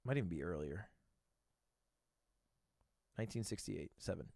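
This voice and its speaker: A man streaming live who thinks out loud through guessing games, swears freely and bursts into loud excitement, recorded close on a desk microphone. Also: deep voice, normal speed, creaky, no echo. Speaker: streamer reacting to videos and playing guessing games.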